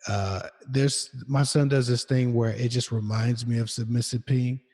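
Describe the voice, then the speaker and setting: A man with a slightly husky voice talks casually on a podcast, telling stories in a loose, relaxed way. He uses lots of fillers and restarts. His voice trails off into a long reverberant echo. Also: mid-range voice, normal speed. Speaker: podcast co-host. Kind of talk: casual chat.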